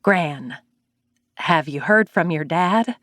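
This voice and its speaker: A woman's voice: on the low side, animated, slow pace, fairly bright tone, no room sound. A woman voicing a caring older grandmother who reads out her texts plainly in an audiobook.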